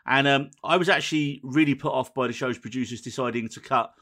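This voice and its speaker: Man, podcast host, very fast, bright voice, dry teasing. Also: medium pitch. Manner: quick, dry and teasing, running the episode rundown. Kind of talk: casual podcast chat.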